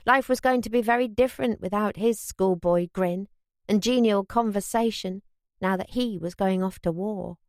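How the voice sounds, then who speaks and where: A woman's voice: medium pitch, normal speed, dry recording. Woman narrating in a dry, close voice. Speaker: audiobook narrator. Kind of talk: scripted narration.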